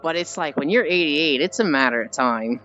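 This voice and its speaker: A young adult streamer chatting casually with viewers, telling animated stories and swearing freely. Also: medium pitch, normal speed. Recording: slightly dull stream audio with faint music.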